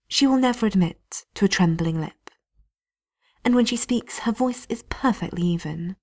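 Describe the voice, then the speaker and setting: A woman reading a story aloud in a hushed, often half-whispered delivery. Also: mid-range voice, moderate pace. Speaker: narrator.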